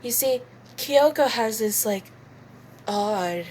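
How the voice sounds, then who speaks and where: A woman's voice: fairly high pitch, animated, slow, darkish tone, slight background noise. A woman casually explaining character voices, chatty and self-deprecating about her impressions.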